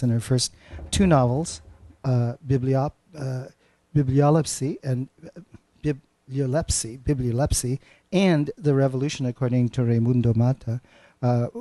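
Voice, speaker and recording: A man's voice: mid-range voice, dark tone, dry recording. A man hosting a literary reading, introducing the guests with frequent hesitant filler sounds. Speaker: event host introducing readers.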